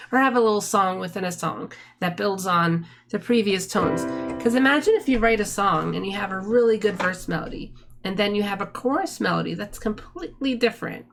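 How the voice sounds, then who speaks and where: A woman talks through a song's melody in a relaxed music theory breakdown. Now and then she hums the phrases to show the patterns. Loud guitar music plays behind her. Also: medium pitch. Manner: hums and sings melody lines to explain them. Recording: music playing loudly behind the voice.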